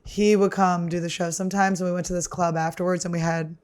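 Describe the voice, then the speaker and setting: A woman's voice: on the low side, fast talker. A woman comedian hosting a podcast, telling stories in a casual, chatty way, swearing freely and laughing as she talks. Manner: animated, laughs through her stories. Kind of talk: casual storytelling.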